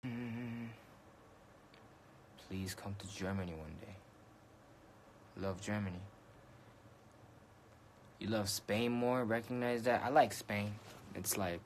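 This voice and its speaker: A young man with a fairly low voice talks loosely into his phone on a live stream, full of slang, curses and easy laughs. He drifts between English and Korean as he answers comments, with a faint background hiss. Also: steady tone, takes it slowly, long pauses. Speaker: rapper on a livestream. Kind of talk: casual livestream chat answering comments. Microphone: phone mic.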